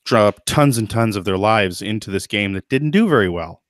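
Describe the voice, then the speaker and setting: Low-voiced man musing on a podcast. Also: expressive, moderate pace, no room sound, clean studio sound. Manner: thoughtful, hedging, many fillers and restarts. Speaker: podcast host. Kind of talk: casual podcast chat.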